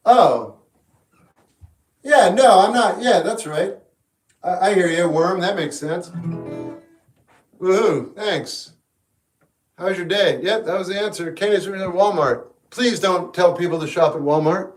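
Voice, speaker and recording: A man's voice: sits high, a little slow, long pauses. A young man streaming live, chatting casually and jokingly with his viewers as he rambles from thought to thought. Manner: rambling, jokey, talks back to chat. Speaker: livestreamer. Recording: roomy echo, faint guitar music behind.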